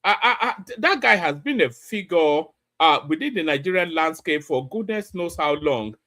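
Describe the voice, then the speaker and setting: A man's voice: a little high, animated, normal speed, bright, forceful tone. A middle-aged man hosting a reaction commentary, incredulous and stumbling over repeated words. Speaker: commentary host.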